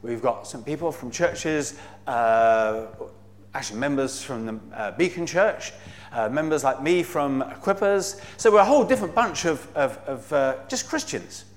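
A man's voice: medium pitch, animated, normal speed. A man giving an earnest, enthusiastic talk to a church congregation, with frequent fillers and cries of praise. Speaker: visiting Bible society speaker.

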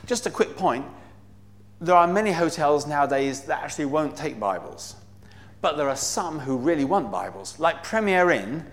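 A man giving an earnest, enthusiastic talk to a church congregation, with frequent fillers and cries of praise. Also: fairly high pitch. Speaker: visiting Bible society speaker.

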